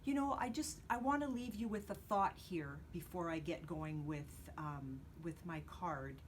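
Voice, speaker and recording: An older woman hosting a card-making channel, talking through a craft tutorial in a gentle, earnest way with many pauses and fillers. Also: fairly low pitch, a little hiss or hum.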